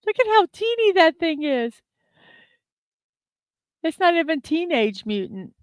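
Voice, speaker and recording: Woman livestream host, chatty and giggly with viewers, unhurried delivery, dry room. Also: extremely high pitch, sing-song, no echo. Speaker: host of a daily morning livestream. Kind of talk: casual live-stream chat.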